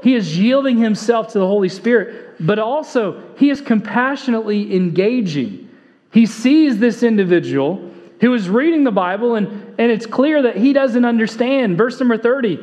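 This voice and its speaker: Male pastor, high voice, sermon with earnest repetition, long church reverb on a dull recording. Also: animated, normal speed, darkish tone. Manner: earnest, repeats key phrases for emphasis; conversational storytelling with fillers. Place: church sanctuary.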